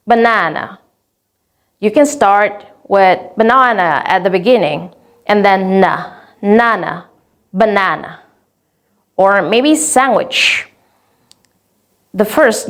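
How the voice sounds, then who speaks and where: A woman with a Vietnamese accent giving an instructional lesson on teaching English vocabulary, speaking clearly and deliberately and drawing out example words slowly. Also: medium pitch.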